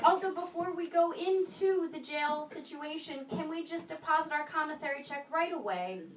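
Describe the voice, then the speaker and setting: A woman performing a stand-up comedy set, with wry, sarcastic asides and pauses before punchlines. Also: sits high, a little hiss or hum. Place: small comedy venue in a video store, live audience. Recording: roomy live room, mic a bit distant, audience laughter.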